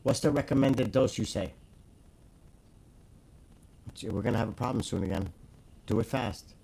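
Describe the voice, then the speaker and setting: Gravelly man chatting on a live stream. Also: lowish voice, normal speed, low-quality recording. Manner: excitable, blunt, swears freely. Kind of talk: casual live-stream chat.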